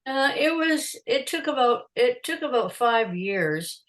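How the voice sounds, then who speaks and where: Older woman, photographer guest, animated raconteur who acts out dialogue. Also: a little high, unhurried, soft background music, rough recording. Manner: animated storyteller, laughs often, acts out quotes. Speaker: podcast guest, concert photographer. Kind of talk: casual interview storytelling.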